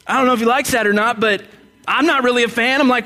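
His pitch is extremely high and his tone bright and forceful, with fairly even intonation and a quick pace. The man is a pastor preaching in church, speaking bluntly and conversationally, joking around and having the congregation answer aloud.

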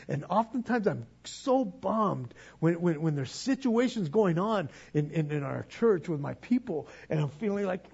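A man's voice: sits high, expressive, moderate pace, vocal fry, darkish tone, husky, lo-fi sound. A man preaching a sermon as pastor, earnest and pleading, often stumbling over repeated words.

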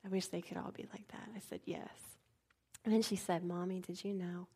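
A woman's voice: on the low side, a little fast, creaky, slightly rough. Woman pastor telling stories. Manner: soft, hushed storytelling that turns lively and animated. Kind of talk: storytelling sermon.

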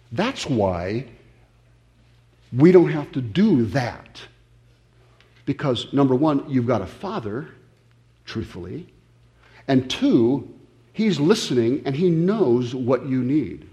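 A male pastor preaching in a loose, conversational way, full of fillers and restarts. His voice is mellow and warm. He sits in the middle range of pitch and keeps stopping to question his listeners. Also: expressive, measured pace. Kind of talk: sermon.

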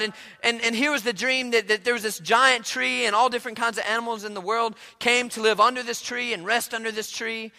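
A male pastor with an unusually high, bright, ringing voice, telling a story in a loose, conversational way and often repeating his words. His voice carries a long hall reverb, as if he is preaching in a large church. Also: a little fast. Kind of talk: sermon.

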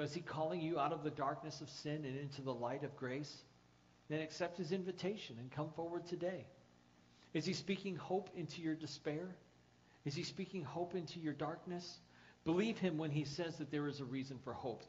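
A man's voice: fairly high pitch, highs cut off, a little hiss or hum. A man preaching a sermon as pastor, earnest and pleading, building to emphatic repetition.

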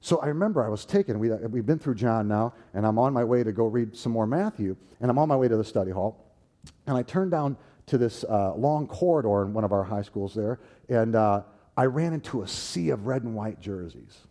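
A man preaching and telling his own story, swinging from loud, animated bursts to hushed, tender tones. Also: on the low side, brisk. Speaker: preacher giving a personal testimony. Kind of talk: sermon storytelling.

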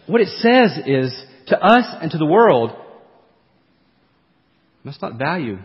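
A man preaching a sermon as pastor, swinging from emphatic, forceful peaks to quiet, low asides. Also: sing-song, takes it slowly, long pauses, long reverb tail, muffled recording.

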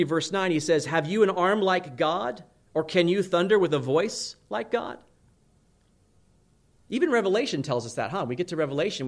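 A man preaching a sermon in a conversational way, often asking his listeners "right?" as he explains Scripture. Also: a little high. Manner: conversational preaching, frequent "right?" tag questions. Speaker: pastor.

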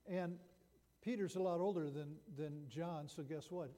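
A man's voice: fairly high pitch, a little slow, warm tone. A man preaching a sermon that retells a Bible story, talking in a conversational way with frequent restarts. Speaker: pastor. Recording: long hall reverb.

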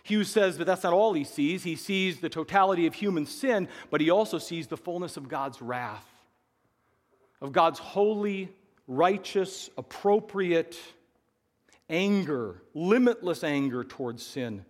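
A man preaching a sermon earnestly, swinging between emphatic passages and hushed, quiet ones. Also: a little high, lively intonation, measured pace, big-room sound. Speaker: pastor.

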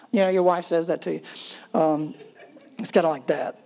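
Joking, animated male pastor. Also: high-pitched, normal speed, vocal fry. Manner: humorous, conversational storytelling with laughter; acts out voices in quotes, animated. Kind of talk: sermon.

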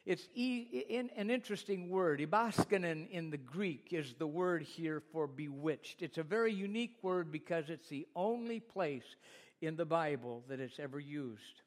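Fairly high-voiced middle-aged man preaching. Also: lively intonation, moderate pace. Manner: addresses the congregation directly with rhetorical questions and retold stories. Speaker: pastor. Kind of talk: sermon.

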